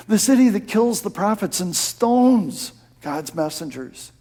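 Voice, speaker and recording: A male pastor preaching a sermon, dropping to a soft hush for prayers and rising to emphatic shouts on key phrases. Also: sits high, lively intonation, slow pace, hardly any pauses. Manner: drops to a soft hush when quoting prayer.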